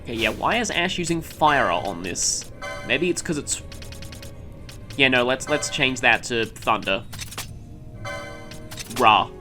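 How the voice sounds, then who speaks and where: A man talks through a game session in a loose, rambling way, full of ums and second thoughts. His pitch swings up and down with lively energy. Soft game music plays faintly behind him. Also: slow, long pauses. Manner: rambling, with many ums and mid-sentence self-corrections. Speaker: let's play commentator. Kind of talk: casual gameplay commentary.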